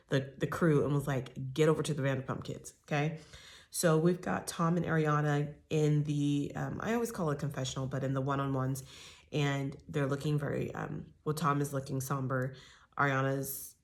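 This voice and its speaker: A woman giving a casual, opinionated recap of a reality show, talking with many fillers and asides. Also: low-pitched.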